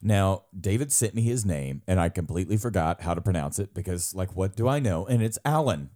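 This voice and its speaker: Laughing deep-voiced man telling stories. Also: brisk. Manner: animated, laughs often, mimics others' voices in his stories. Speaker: podcast co-host. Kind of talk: casual storytelling chat.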